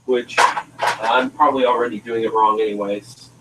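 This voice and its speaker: A man's voice: medium pitch, fairly even intonation, moderate pace, very noisy. A man hosting a casual stream, talking in a laid-back way and thinking aloud while he builds. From northeastern Pennsylvania, USA. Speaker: stream host building a toy train station. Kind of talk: casual chat.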